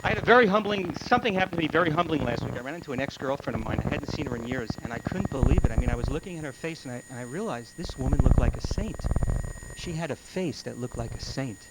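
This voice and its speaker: A man's voice: mid-range voice, expressive. A man doing a stand-up comedy set on a club stage, firing off one-liners and briefly putting on voices for the people in his jokes. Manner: rapid one-liner delivery, quick voices for characters in the jokes. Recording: noisy old club video recording.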